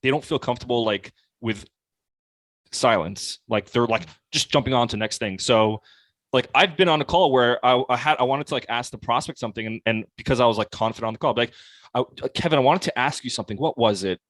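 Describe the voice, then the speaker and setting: A young man, a sales coach guest on a podcast, explaining his methods in a casual, animated way with lots of "like.". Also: mid-range voice, brisk, no echo. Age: young adult. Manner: casual, animated, heavy use of "like". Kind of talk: conversational podcast interview.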